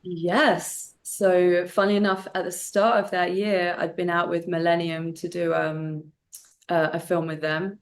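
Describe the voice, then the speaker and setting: A young woman, an actress and martial artist, chatting in an interview, animated with many fillers and restarts. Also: lowish voice. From United Kingdom. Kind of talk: casual interview chat.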